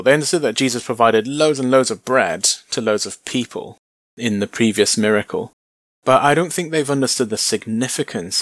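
A man leads a Bible study, walking through the passage verse by verse in a relaxed, conversational way and adding wry asides. His voice sits at a middling pitch. The recording is close and dry, with no room echo. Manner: conversational, explaining with light humor. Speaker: Bible teacher.

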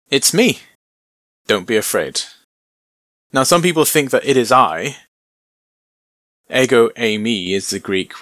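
A man's voice: on the low side, fairly bright tone, no echo. A man teaching through a Bible passage verse by verse, in a conversational way with touches of humor. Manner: conversational, explaining with light humor.

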